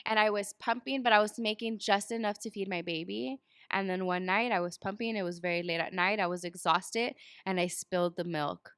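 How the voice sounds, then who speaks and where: A woman guest in a casual interview, telling personal stories in a lively way. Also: medium pitch, brisk, hardly any pauses, clean tone, no echo, clean studio sound. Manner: storytelling, animated when acting out quotes.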